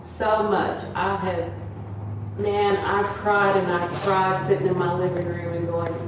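A woman's voice: lowish voice, little pitch movement, takes it slowly, noisy background. Older woman, earnest church testimony, rambling, very echoey room, heard from far off. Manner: earnest, rambling, acts out quoted voices. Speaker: church member giving a testimony.

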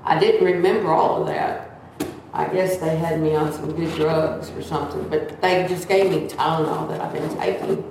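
Older woman, seventies, casual testimony, slightly low pitch, heard from across an echoey room. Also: steady tone, normal speed, darkish tone, a little hiss or hum. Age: 70s. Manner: chatty, acts out quoted voices. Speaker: church member sharing a testimony. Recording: echoey room, distant mic.

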